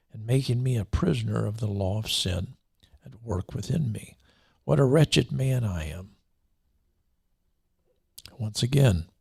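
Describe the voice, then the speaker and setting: A man hosting a show, reading scripture aloud with commentary in a deliberate way, slowing down and repeating key lines. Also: on the low side, vocal fry, darkish tone, breathy edge, no room sound, studio quality. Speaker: show host and preacher.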